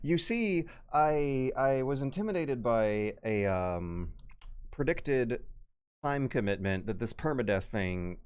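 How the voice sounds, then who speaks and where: A man's voice: medium pitch, smooth. A man streaming live, chatting casually in a rambling, self-interrupting, wry way, his throat a little dry. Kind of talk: casual livestream chat.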